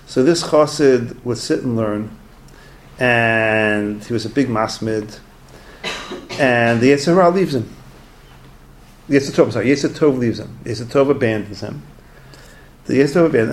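A man teaching a Torah class with animated, conversational storytelling. His voice is gravelly and sits at a middle pitch. He restarts phrases as he goes.

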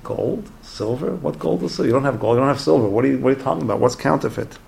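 A man's voice: medium pitch, lively intonation, fast, gravelly, fairly bright tone, a little hiss or hum. A man voicing a bewildered wife who questions her husband.

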